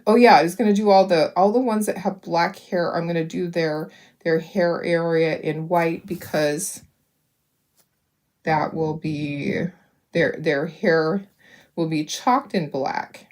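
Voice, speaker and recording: A woman's voice: fairly low pitch, fairly even intonation, slow, a little mellow. A middle-aged woman hosting a craft video, chatting casually and rambling as she paints, laughing often and talking to her viewers. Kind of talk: casual chat while painting.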